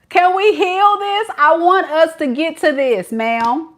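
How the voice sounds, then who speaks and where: A woman voicing a frustrated young man begging his girlfriend for affection in a high, whiny, slangy voice. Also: slow pace. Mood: pleading.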